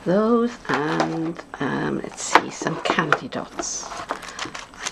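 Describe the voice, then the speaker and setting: A woman's voice: deep voice, expressive, very slow, creaky, heavy background noise. A woman demonstrating card making in a casual craft tutorial, chatty and thinking aloud with playful asides. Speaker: papercraft demonstrator.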